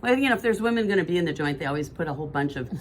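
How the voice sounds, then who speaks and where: Chatty lower-voiced woman. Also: animated, racing, slight background noise. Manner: chatty, rambling, self-correcting. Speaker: podcast co-host. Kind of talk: casual chat.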